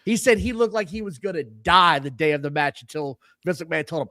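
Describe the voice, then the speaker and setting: A man's voice: fairly high pitch, animated, fairly quick, sharp tone, no room sound, clean studio sound. A man co-hosting a wrestling podcast, ranting with strong opinions in casual chat. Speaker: podcast co-host.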